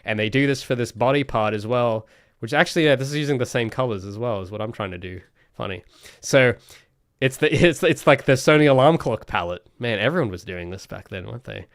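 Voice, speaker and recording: A man's voice: medium pitch, brisk, no room sound, studio quality. A young man, a solo game developer, talks through interface design on a livestream in a loose, rambling way, full of restarts and fillers. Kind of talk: casual livestream commentary.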